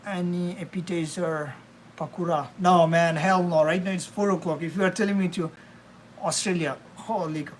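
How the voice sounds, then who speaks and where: Cooking in his home kitchen, a young man chats casually to his live-stream audience in a rambling way, addressing them as "bro" and "man." He has a high voice, and there's slight noise in the background.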